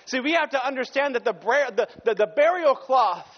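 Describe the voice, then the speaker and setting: A man's voice: very high-pitched, lively intonation, a little fast, in a large hall, muffled recording. A male pastor preaching a sermon with passion, sometimes stopping to correct himself.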